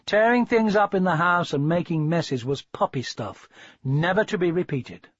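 A man reading a story aloud, with a voice that rises and falls freely and sits a little high for a man. The tone is husky, and the recording is dry and dull. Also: no room sound. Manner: expressive, measured storytelling. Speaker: narrator. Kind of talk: audiobook story narration.

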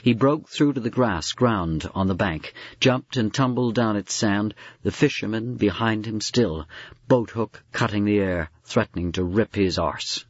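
A man reading a story aloud with measured, dramatic storytelling. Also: on the low side, no room sound, highs cut off. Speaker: narrator.

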